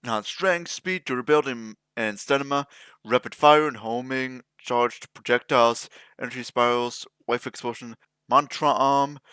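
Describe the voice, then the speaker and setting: A man's voice: mid-range voice, normal speed, bright, forceful tone, smooth, dry recording. A man hosting a reaction video, chatting casually with jokes and rambling asides. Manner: rambling, joking, trails into mock-emotional mumbling.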